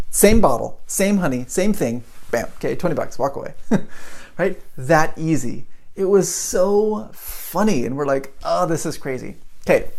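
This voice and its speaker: Animated male podcast host telling a story. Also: a little high, creaky. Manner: animated, chuckles often, asks rhetorical "right?". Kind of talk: casual storytelling to camera.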